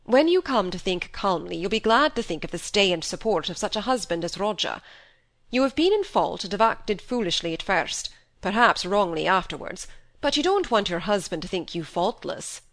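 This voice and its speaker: A woman reading an audiobook, voicing a grave, fatherly older male doctor who speaks slowly and with measured reason. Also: mid-range voice, sing-song, fairly bright tone. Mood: stern. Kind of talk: audiobook character voice.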